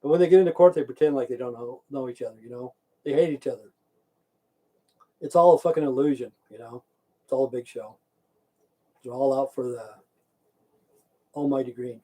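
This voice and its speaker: In a rough recording, a man with a warm, mid-range voice rants on his livestream, talking fairly quickly but with long pauses. He rambles, swears plenty, keeps saying "okay," and chats back to viewers in the stream chat.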